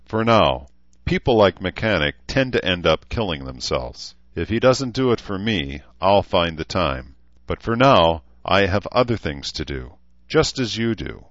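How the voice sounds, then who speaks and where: A man's voice: low voice, very animated, unhurried, a bit bright, no echo, full character voice. A man voicing a weary middle-aged male town leader who speaks coldly and wryly. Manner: cold, wry, talkative. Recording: slightly dull recording.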